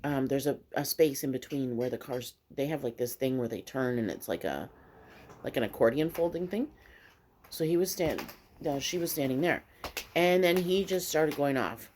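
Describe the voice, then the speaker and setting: A woman vlogger telling a story in casual mukbang chat, animated and swearing freely. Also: rumbling low, moderate pace, slight background noise.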